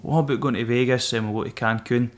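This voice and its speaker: A man's voice: mid-range voice, quick pace. Sweary Scottish man telling war stories. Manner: swearing, animated, laughs mid-story. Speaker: podcast guest, former Royal Marine. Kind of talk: casual storytelling.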